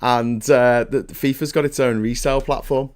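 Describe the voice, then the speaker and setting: A man's voice: mid-range voice, fairly even intonation, moderate pace, darkish tone. A man hosting a casual morning live stream, chatting, swearing freely and thanking viewers for their donations.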